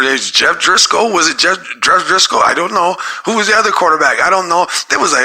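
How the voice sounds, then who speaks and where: A man's voice: fairly high pitch, lively intonation, brisk, few pauses, bright, forceful tone. A man hosting a solo sports podcast, rambling and getting worked up, repeating himself as he rants.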